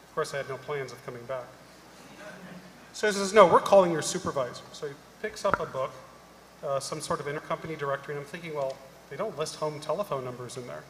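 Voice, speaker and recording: A middle-aged man on a conference panel, telling an animated story and acting out the people in it. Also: a little high, slight background noise. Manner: animated anecdote-telling, acting out quoted voices. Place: large conference hall. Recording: echoey hall, live panel mic.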